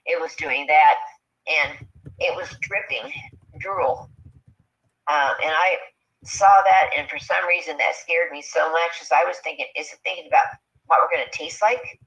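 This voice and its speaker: A woman telling a personal story in a casual, animated way, acting out what people said. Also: sits low, a little slow, poor audio. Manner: animated, acts out quoted speech. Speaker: guest telling an encounter story.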